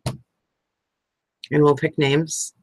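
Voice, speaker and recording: A woman's voice: low-pitched, level tone, extremely slow, darkish tone, slight background noise. A middle-aged woman chatting casually and sleepily on a live stream, rambling and asking "you know what I mean" often. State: sleepy, yawning. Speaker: crafting channel host.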